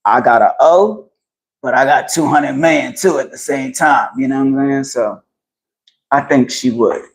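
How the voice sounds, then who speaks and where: A man rambling casually and profanely on a phone live stream while walking outdoors, getting animated as he talks. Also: mid-range voice, normal speed, gravelly, rough recording. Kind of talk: casual live-stream chat about boxing. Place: outdoors in the heat. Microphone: phone held while walking outdoors.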